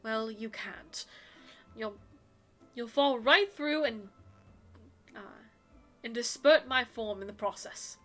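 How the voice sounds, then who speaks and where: A woman's voice: fairly high pitch, takes it slowly, long pauses, sharp tone, faint music behind. A woman reading as a shy glowing ghost boy. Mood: reserved. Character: shy male ghost, gentle and reserved.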